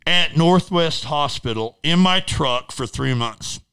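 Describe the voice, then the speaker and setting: A man's voice: fairly high pitch, animated, slow, sharp tone, smooth. A middle-aged man, an interview guest, telling a personal story casually in a blunt, profane, rambling way.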